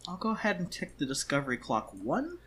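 A man narrating as game master of a tabletop game, halting and repeating words as he describes scenes. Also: sits high, huge pitch swings, fairly bright tone, a little hiss or hum.

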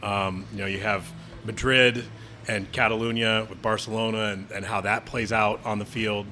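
Low-voiced hesitant man. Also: flat delivery, moderate pace, sharp tone, a little hiss or hum. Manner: hesitant, thinking aloud with many ums and restarts. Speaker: podcast co-host. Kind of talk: casual chat. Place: pub.

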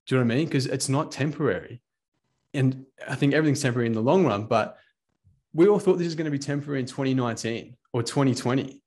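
A man's voice: mid-range voice, quick pace, a little mellow. A man, a fighter ranting casually and swearing freely. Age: 20s. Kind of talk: casual monologue.

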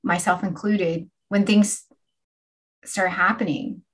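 A woman's voice: fairly low pitch, steady tone, slow pace, husky. Co-host, woman, earnest and reflective in easy conversation. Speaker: podcast co-host. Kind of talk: casual conversation.

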